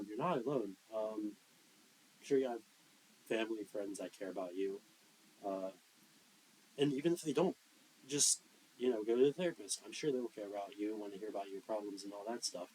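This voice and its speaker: A young man speaks earnestly on a podcast, hesitating often with ums and uhs. His voice sits fairly low, with a faint hiss behind it. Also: rough recording. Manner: earnest, hesitant, many fillers. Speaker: podcast co-host. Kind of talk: casual podcast chat.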